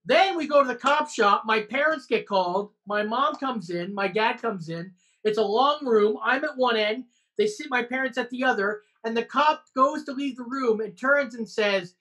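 Woman w/ a bright, kinda high voice, telling a story, swearing lots. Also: normal speed. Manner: animated storytelling with frequent swearing. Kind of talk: casual chat.

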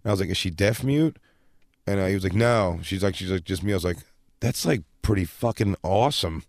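A man, a stand-up comedian, telling crowd stories in casual chat, profane and animated, often laughing. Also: low voice, brisk, no echo, clean studio sound.

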